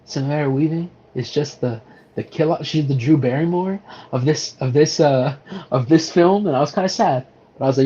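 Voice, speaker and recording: Brief: male podcast co-host, loose and rambling, dull low-fi recording. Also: normal speed, dark tone. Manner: rambling, lots of restarts and swearing. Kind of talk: casual movie review chat.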